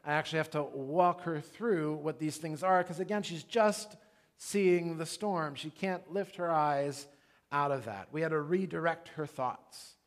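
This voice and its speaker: A man in his thirties, a pastor, preaching a sermon in a conversational, animated way with casual asides. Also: a little high, unhurried.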